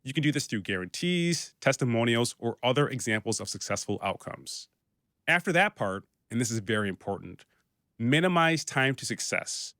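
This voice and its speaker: Man, podcast host, scripted business monologue, practical, direct, mid-range pitch, dry close mic. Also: expressive, normal speed, bright, forceful tone, dry recording.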